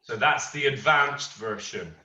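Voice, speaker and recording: Martial arts instructor in a roomy hall. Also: male voice, mid-range voice, measured pace. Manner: storytelling, animated quoting of others. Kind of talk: class teaching with anecdote. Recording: roomy, distant, dull lo-fi.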